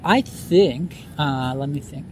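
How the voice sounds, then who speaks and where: A man's voice: on the high side, slow, a little hiss or hum. A man as a podcast guest, talking casually with lots of fillers and restarts, recorded outdoors on a lawn at night. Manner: rambling, many fillers and restarts. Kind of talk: casual interview chat.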